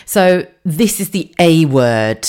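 Chatty woman with a low voice. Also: takes it slowly, smooth. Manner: chatty and animated, frequent laughs and restarts. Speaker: podcast host. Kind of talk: casual monologue podcast.

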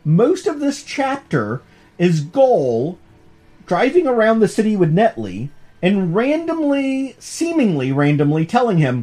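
A man's voice: high voice, measured pace, soft background music. A man hosting a podcast course as professor, lecturing casually and joking along the way. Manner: animated, joking, digressive. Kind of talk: casual lecture on a comic book.

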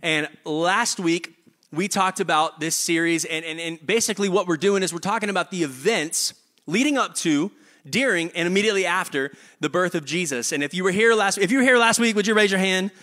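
A man's voice: high voice, brisk, sharp tone. A man preaching a casual, humorous sermon. He talks in a chatty way and often stammers and repeats words. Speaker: pastor.

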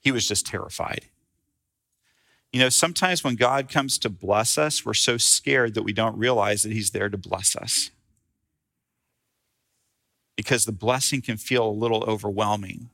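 A man's voice: lowish voice, unhurried, vocal fry, pauses often, sharp tone. A male pastor preaching a sermon in a conversational, storytelling way.

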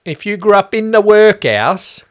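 A man's voice: high voice, sing-song, a little slow. A man co-hosting a casual movie review podcast with his brother, trading jokes and banter. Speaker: podcast co-host.

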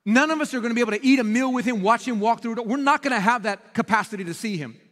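Within a big-sounding church sanctuary, a male pastor rattles off his sermon story in a very high, rapid-fire voice, animated and emphatic throughout.

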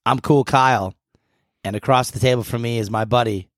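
A man's voice: mid-range voice, steady tone, a little fast, dry recording, studio quality. A man co-hosting a podcast, chatting casually in a rambling, jokey way with a frog in his throat. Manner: rambling, jokey, lots of fillers. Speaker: podcast co-host.

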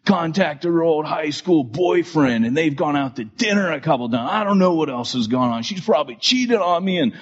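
An angry construction worker rants about his marriage, as a preacher puts him on. The voice sits a little higher than the speaker's usual talk. The recording sounds dull and lo-fi. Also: lively intonation, moderate pace, few pauses, slightly rough.

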